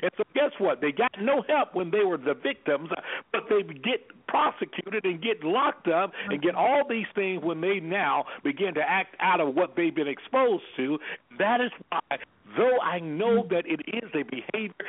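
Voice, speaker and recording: This is phone-line audio of a man guesting on call-in radio, an anger management specialist whose high voice has a breathy edge. He speaks in an emphatic, preacherly way, passionately, and performs quoted voices as he goes.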